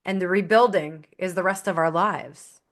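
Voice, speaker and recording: A woman podcast host answering her guest in a soft, reflective way, searching for words as she goes. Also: lowish voice, normal speed. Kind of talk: supportive interview reply.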